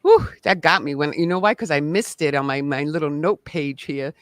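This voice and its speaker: A male host in a casual interview, chatty and effusive, quick to laugh along. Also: on the high side, dry recording, clean studio sound. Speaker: show host.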